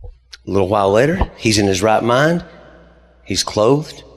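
A man's voice: fairly low pitch, lively intonation, a little slow. Man preaching in a reverberant hall. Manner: preaching with rising emphasis, storytelling. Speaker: pastor. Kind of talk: sermon.

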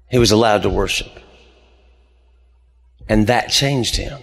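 A man's voice: on the low side, a little slow, creaky, long pauses, fairly bright tone. A man, preaching a sermon as pastor and telling stories with rising emphasis. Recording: long hall reverb.

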